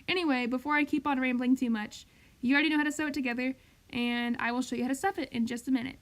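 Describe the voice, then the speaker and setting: Young woman, crochet tutorial voiceover, chatty, rambling, slightly high voice. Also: fairly even intonation, fast, loud music behind the voice. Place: home craft recording, voiceover.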